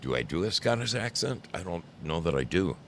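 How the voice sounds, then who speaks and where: Deep-voiced older man chatting on stream. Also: very animated, fairly quick, fairly bright tone, slight background noise. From New Jersey. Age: 60s. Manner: rambling, teasing, chatty storyteller. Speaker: livestream host. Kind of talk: casual chat with live chat viewers.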